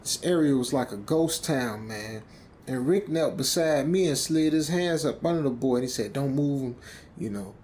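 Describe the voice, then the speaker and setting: A rambling storyteller man with a faint rumble. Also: expressive, normal speed, a little mellow. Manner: casual, rambling, stammering, ends phrases with "man". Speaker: narrator reading a horror story. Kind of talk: storytelling narration in character.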